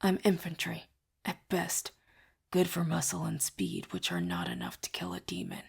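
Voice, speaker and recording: A woman voicing a brooding young male mage who mutters in a low, half-whispered way, sardonic and bored. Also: very animated, normal speed, creaky, slightly rough, full character voice.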